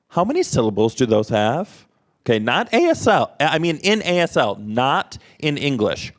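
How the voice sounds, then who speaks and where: A man's voice: medium pitch, big pitch swings, normal speed. A man voicing a presenter at an interactive workshop, quizzing the audience with short prompts and questions.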